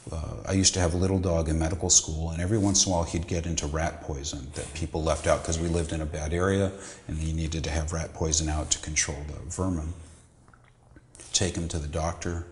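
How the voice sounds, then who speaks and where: A middle-aged man, a psychiatrist, giving measured, lecturing answers in an interview. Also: low voice, roomy sound. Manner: measured, lecturing, with occasional restarts. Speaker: psychiatrist guest.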